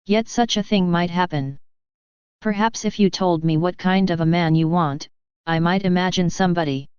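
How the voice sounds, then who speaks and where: A woman reading the lines of a gentle, teasing young shepherdess girl in an audiobook. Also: on the low side, normal speed, smooth, dry recording, muffled recording, natural voice.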